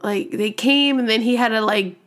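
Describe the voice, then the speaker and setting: A woman's voice: on the high side, moderate pace, a bit bright. A woman hosting a podcast, telling a personal story in a casual, rambling way, full of slang, swearing and "like" fillers. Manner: rambling, profane, heavy use of "like" fillers; slang-filled, laughs when nervous. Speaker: podcast host.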